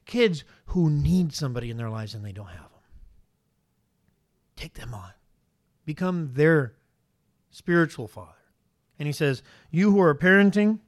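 A man with a notably high voice preaches a sermon with animated energy. He keeps tossing rhetorical questions at his congregation and swings between punchy emphasis and quieter asides. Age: adult father. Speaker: pastor.

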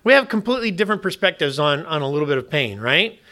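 A man delivers a sermon in a high, bright voice. He speaks emphatically, throws questions out to the congregation, and often restarts or repeats words mid-sentence. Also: very animated, fast. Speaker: preacher.

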